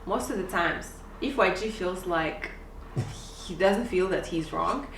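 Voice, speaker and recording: A woman's voice: on the low side, unhurried, vocal fry, fairly bright tone, a little hiss or hum. A young woman co-hosting a couple's channel, chatting casually and animatedly, often laughing as she tells stories. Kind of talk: casual chat. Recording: roomy, slightly distant mic, faint ambience.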